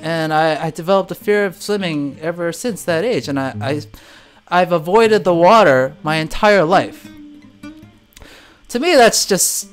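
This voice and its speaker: A man's voice: fairly high pitch, measured pace, soft background music. A man hosting a casual livestream, reading comments and joking, laughing often as he talks. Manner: animated, laughs often, jokey. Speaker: livestream host and swim teacher.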